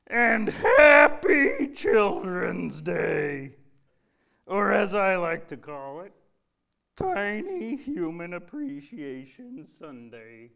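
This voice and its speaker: A man voicing a cheerful male church puppet who preaches a children's sermon in a put-on Southern preacher accent, with a showy, drawn-out delivery. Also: high voice, very animated, creaky, bright, forceful tone, heavily acted. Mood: playful.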